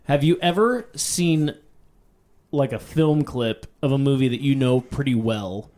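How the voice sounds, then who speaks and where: A man's voice: medium pitch, measured pace, dark tone. Podcast cohost guy, rambly, keeps laughing, says um a lot. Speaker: podcast co-host. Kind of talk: casual chat.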